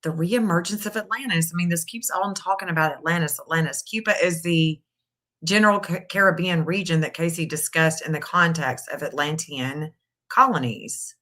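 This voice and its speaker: A woman's voice: on the low side, moderate pace, fairly bright tone. A middle-aged woman hosting a casual live stream, thinking aloud and reading out searches as she goes. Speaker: live stream astrology reader.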